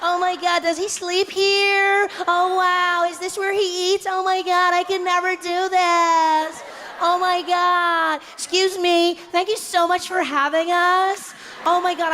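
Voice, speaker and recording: A man voicing a group of gushing, excited tourists, with shrill exclamations in a high voice. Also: slight background noise, exaggerated voice.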